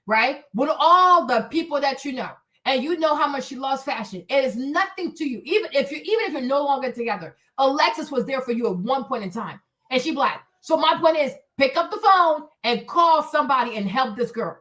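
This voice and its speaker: A woman with a high, bright-toned voice rants. Her unscripted commentary is heated, profane and emphatic. She hammers her points home by repeating them. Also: animated, normal speed. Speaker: livestream host.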